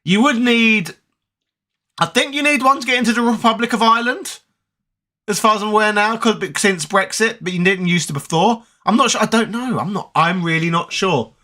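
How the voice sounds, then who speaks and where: A man's voice: high voice, moderate pace, sharp tone. A man hosting a gaming channel, chatting casually and rambling as he answers viewer comments. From United Kingdom. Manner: chatty, rambling, with many fillers.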